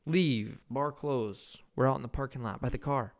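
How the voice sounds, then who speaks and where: A man's voice: medium pitch, moderate pace. A young man hosting a podcast, telling a loose, profane, rambling anecdote in casual chat. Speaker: podcast host.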